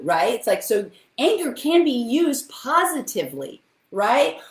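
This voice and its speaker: A woman giving an energetic, chatty motivational talk, full of rhetorical questions. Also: a little high, reverberant. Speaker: motivational speaker.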